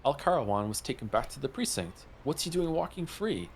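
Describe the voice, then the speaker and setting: A man's voice: mid-range voice, sing-song, fairly quick, slight background noise, voice pushed up. A man voicing a hot-headed young detective who talks in an agitated, exclaiming way. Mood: serious. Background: game music.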